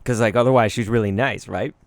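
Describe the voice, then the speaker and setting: A man commentating over gameplay, telling animated, profanity-laced stories in a rambling, casual way. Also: fairly low pitch, fast talker, creaky, dry recording. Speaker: gaming commentator.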